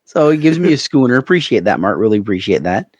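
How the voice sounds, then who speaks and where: A man's voice: fairly low pitch, big pitch swings, fast talker, breathy edge, no echo, dull audio. Man from the Maritimes telling a rambling story. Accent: Canadian Maritimes. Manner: rambling anecdotal, laughs at own story. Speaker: podcast co-host. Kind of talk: casual storytelling chat.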